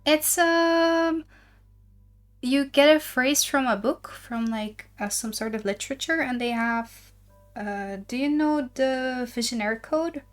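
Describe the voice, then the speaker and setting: A woman's voice: high-pitched, slow, soft background music. A woman streamer chatting casually who laughs often and sounds a little tired. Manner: giggly, reads passages aloud. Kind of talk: casual chat.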